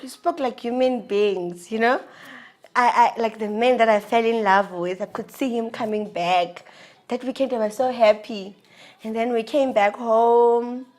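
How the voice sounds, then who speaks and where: A woman telling her own story in an animated, emotional way, acting out the dialogue. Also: on the high side. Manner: animated, emotional retelling with acted-out dialogue and laughs. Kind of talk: personal storytelling.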